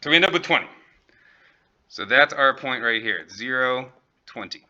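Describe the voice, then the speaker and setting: A male professor lectures in a classroom, walking students through a problem step by step and checking that they follow. His voice is very bright and forceful. The recording is slightly muffled. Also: mid-range voice, lively intonation, normal speed. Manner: light, joking asides. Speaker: economics professor.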